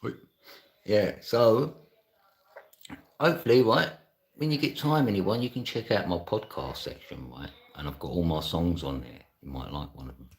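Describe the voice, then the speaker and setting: This middle-aged livestreamer has a low-pitched voice and talks at a normal speed. He laughs a lot while casually reading out and responding to messages from his chat.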